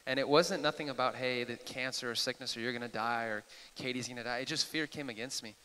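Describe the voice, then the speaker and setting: Host, male, keen and excitable, crisp bright tone, live in a reverberant church hall. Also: mid-range voice, quick pace. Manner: eager, excitable, apologetic asides. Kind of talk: live Q&A sharing. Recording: echoey hall.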